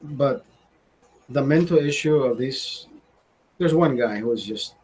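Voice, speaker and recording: A man's voice: medium pitch, a little slow, a little mellow, husky, rough recording. A man hosting a show who rants heatedly, swears constantly, and keeps restarting his sentences. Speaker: host. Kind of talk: casual profane rant.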